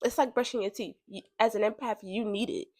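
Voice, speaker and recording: A woman talking casually about spiritual growth, chatty and animated, with features, laughing now and then and jumping higher when she quotes herself. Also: a little fast, dry recording, studio quality. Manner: chatty and animated, laughs often, bursts high when quoting. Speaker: podcast host.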